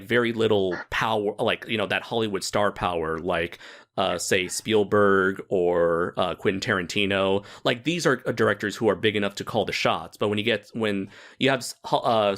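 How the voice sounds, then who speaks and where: A man's voice: on the low side, a bit bright. A man hosting a casual chat, hesitant and filled with ums, laughing often. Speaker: podcast host.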